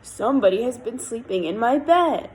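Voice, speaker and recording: A woman voicing a big father bear in a storybook tale, with a growly, louder delivery. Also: a little high, animated, moderate pace, slight background noise, lightly acted. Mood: stern. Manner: growly and loud.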